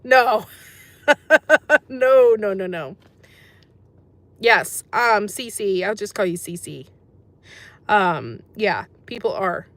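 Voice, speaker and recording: A woman's voice: medium pitch, lively intonation, slow pace, a bit bright, no room sound. An American woman hosting a casual livestream, chatting with viewers and reading their comments aloud, with many ums. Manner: chatty, says um often, sympathetic. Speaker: livestream host reading chat.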